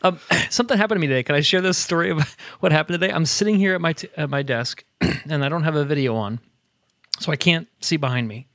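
A middle-aged man co-hosting a casual faith podcast, an animated storyteller who talks in quick bursts and laughs often. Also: on the high side, dry recording, clean studio sound. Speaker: podcast co-host. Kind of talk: casual chat. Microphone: headset earbuds at a desk.

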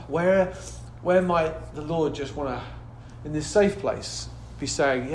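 A man preaches in a high, lively voice, dropping to a hush and then rising to loud exclamations as he calls out for hallelujahs. His sermon rings through an echoey church hall. A faint background ambience sits under the room. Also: takes it slowly, background noise. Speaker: pastor.

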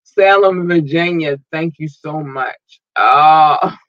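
A man hosting a podcast, warmly shouting out listeners' cities with a lilt and playful squeals. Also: takes it slowly, no echo, highs cut off. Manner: warm, effusive, playful, sometimes squeals in a high voice. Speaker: podcast host. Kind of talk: casual listener shout-outs.

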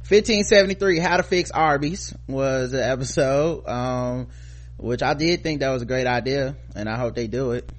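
A man's voice: medium pitch, normal speed. Mock-indignant joking male podcast host. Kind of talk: casual chat.

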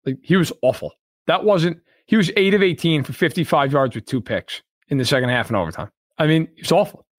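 A man's voice: on the high side, lively intonation, a little fast, dry recording, studio quality. A man co-hosting a sports podcast, ranting bluntly with profanity and repeated points. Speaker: podcast co-host. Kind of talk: heated sports podcast talk.

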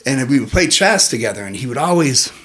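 An animated man telling stories with lots of swearing, in casual conversation. When he acts out his own reactions, his voice jumps sharply upward. His middle-range voice is otherwise plain. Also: brisk. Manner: animated, profane, jumps into high-pitched quotes of himself. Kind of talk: casual storytelling chat.

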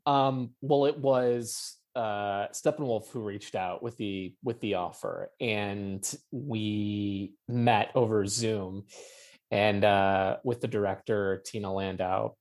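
A man's voice: on the low side, fairly even intonation, unhurried, a little mellow. A man being interviewed as a playwright, talking passionately and casually, with many fillers and the odd swear word. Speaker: playwright guest.

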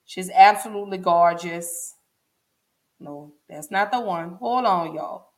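A woman's voice: fairly low pitch, slow pace. A woman, hosting a casual livestream and talking straight to her viewers, chatty and emotional. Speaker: show host.

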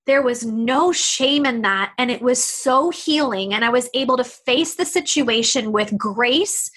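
A woman's voice: high-pitched, sharp tone. A middle-aged woman giving an earnest motivational talk on leadership, emphatic and repeating words for effect. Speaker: leadership speaker. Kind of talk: motivational monologue.

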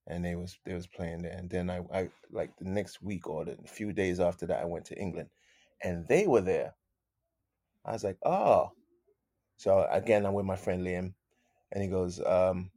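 A man with a lowish voice tells stories as an interview guest. He talks in an animated way, circles back on his own phrases and sprinkles in "man". The sound is dry and close. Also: dry recording. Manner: animated, repeats phrases, says "man" a lot. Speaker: guest musician. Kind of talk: casual interview storytelling.

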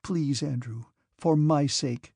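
A man voicing a gentle, devout, timid young princess in an audiobook, earnest and pleading. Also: a little high, takes it slowly, vocal fry, slightly rough, no echo, clean studio sound, full character voice. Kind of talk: audiobook character reading.

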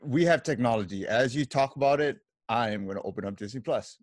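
A man's voice: mid-range voice, fairly quick, no echo, studio quality. A man co-hosting a casual podcast from home who laughs easily and jumps in often. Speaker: podcast co-host. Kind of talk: casual chat.

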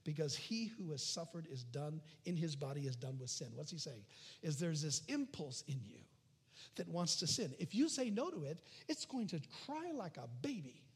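Husky high-voiced male preacher. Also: moderate pace. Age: adult. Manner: animated, swings from loud calls to hushed near-whispers. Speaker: pastor. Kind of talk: sermon.

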